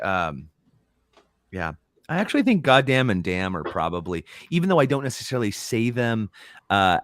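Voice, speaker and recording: A man speaking as a podcast guest, answering in a reflective, unhurried way with many pauses and restarts. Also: low-pitched, dry recording, studio quality. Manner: reflective, laughs often, many ums and restarts. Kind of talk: casual podcast interview.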